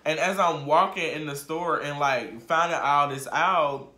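A man vlogging a storytime in casual slang, swinging from muttered asides to shouted outbursts. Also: a little high, measured pace. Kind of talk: storytime vlog. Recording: roomy echo.

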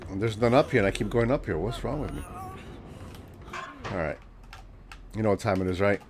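A man's voice: on the low side, animated, fairly quick, background noise. A man with a stuffy nose from a cold, joking and chatting with viewers while he streams a game. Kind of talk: casual live-stream gaming commentary.

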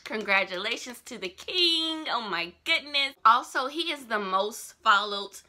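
A young woman from Georgia, chatting excitedly in her fan news vlog and repeating herself as she gushes. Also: a little high, unhurried. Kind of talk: casual vlog chat.

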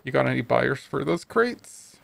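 A man reading a raccoon private detective in a noir video game, low and clipped, threatening when he questions people. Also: big pitch swings, measured pace, gravelly, a bit bright, dry recording, exaggerated voice. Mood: questioning. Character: gruff raccoon private detective, menacing male.

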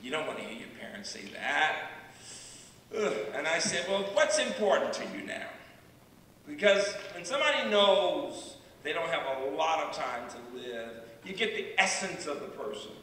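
A man in his sixties, a university president giving a public lecture, telling stories with dramatic pauses and repeated refrains. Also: on the high side, a bit bright, slight background noise. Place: large lecture hall. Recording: echoey hall from far off.

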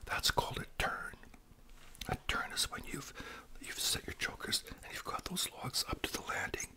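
A man in his sixties telling a long story in a whispered ASMR voice, rambling and adding tag questions as he goes. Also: normal speed.

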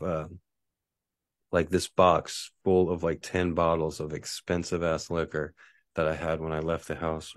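Deep-voiced man rambling through a story. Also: dry recording, studio quality. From Texas. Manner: rambling, filler-heavy, many restarts. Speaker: writer telling a story. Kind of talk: casual spoken storytelling.

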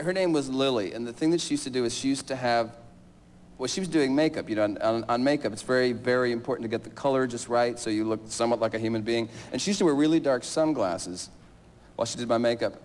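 A man's voice: mid-range voice, slight background noise. Rambling, jokey man on a talk show. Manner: rambling, jokey, laughs often. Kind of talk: casual talk show banter.

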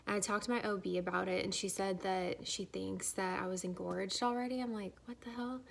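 A young woman talks casually to camera, rambling along with constant "like"s and fillers. Her voice has a gravelly fry and stays fairly flat in pitch, and she sounds slightly out of breath. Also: fairly quick. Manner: chatty, filler-heavy, says "like" a lot. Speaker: vlogger. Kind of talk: casual pregnancy update vlog.

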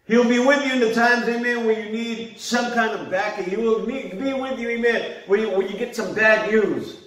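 With an extremely high, fairly bright voice at a moderate pace, a middle-aged pastor tells stories during his sermon and laughs along in a conversational way. The recording comes from a distant mic in an echoey church hall.

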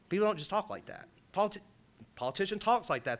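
A man from Alabama giving an impassioned college lecture, rising loud and high when he reads out quotes. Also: sing-song, fast talker. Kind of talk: public lecture.

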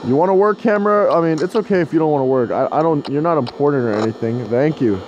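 A man's voice: a little high, quick pace, muffled recording, background noise. Cursing, easily riled young-sounding gamer man. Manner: profane, frustrated, shouting at the game. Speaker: gaming video host. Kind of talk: casual gameplay commentary.

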